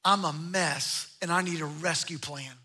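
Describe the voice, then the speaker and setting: A man's voice: a little high, fairly even intonation, unhurried, sharp tone, slightly rough, pitched below the performer's own voice, heavily acted. A man acting out an overwhelmed apostle confessing his sins, in a pleading tone. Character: humbled male apostle confessing before his Lord.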